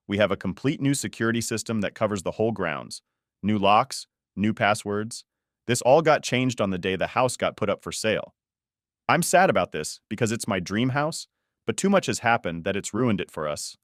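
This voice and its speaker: A man reading an online post aloud as a story narrator, in a steady, even reading voice. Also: fairly low pitch, brisk, dry recording, studio quality.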